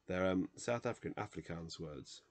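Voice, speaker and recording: Late at night, a tired man reads dictionary entries aloud in a low voice, with slight noise in the background. He stumbles over pronunciations, halts, and mutters corrections and asides to himself, like a casual solo reading vlog.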